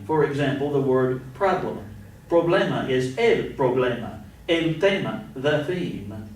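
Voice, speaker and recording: A male teacher gives a grammar lesson in a slow, deliberate way, stopping to spell words letter by letter. His voice sits back from the mic and rings around a strongly echoing room. A faint low rumble runs beneath it. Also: recorded from a distance. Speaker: Spanish teacher. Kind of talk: recorded grammar lecture.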